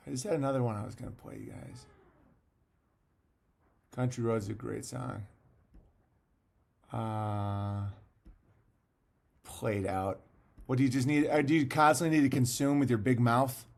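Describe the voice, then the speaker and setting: A man hosting a relaxed livestream, talking at an ordinary middle pitch. He rambles from thought to thought, reads out viewer comments and answers them bluntly, with the occasional swear. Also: a little slow, gravelly, pauses often. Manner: blunt and profane. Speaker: livestream host. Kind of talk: casual livestream chat.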